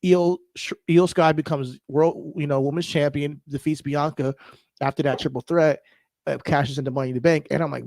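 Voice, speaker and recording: A man co-hosting a podcast in casual chat, animated and laughing, getting emotional as he talks. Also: a little high, fairly quick, dry recording. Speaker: podcast co-host.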